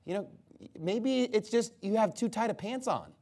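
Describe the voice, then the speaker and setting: A man preaching an expository sermon, animated and mocking, reading scripture aloud and breaking into impressions. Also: high-pitched, moderate pace.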